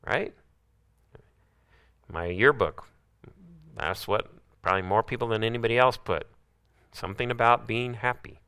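A man's voice: medium pitch, moderate pace, pauses often, sharp tone, clear, resonant tone. A man preaching a sermon, often putting rhetorical questions to his listeners.

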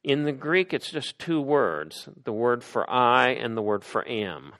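A man's voice: medium pitch, sing-song, a little slow, fairly bright tone. A man preaching a sermon, talking it through with rhetorical questions to the congregation. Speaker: pastor.

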